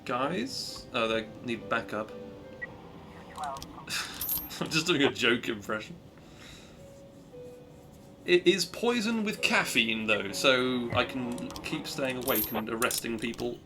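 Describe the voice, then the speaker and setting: A man's voice: mid-range voice, animated, measured pace, over music. A man chatting upbeat through a live speedrun, cheering his own progress and making asides to his stream viewers. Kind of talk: live gameplay commentary.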